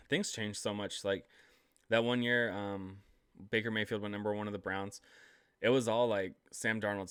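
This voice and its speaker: Young male sports vlogger, low-ish voice, dry close sound, loose rambling self-mocking delivery. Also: fairly bright tone, smooth, no echo. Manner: rambling, self-deprecating, lots of fillers. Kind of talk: casual solo commentary.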